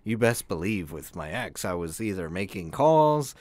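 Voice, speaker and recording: A young man co-hosts a casual podcast, telling a long story full of false starts and restarts. His pitch swings widely as he talks. The sound is dry and close. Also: very animated, normal speed, a little mellow, no room sound. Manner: rambling, self-interrupting storyteller. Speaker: podcast co-host. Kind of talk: casual chat.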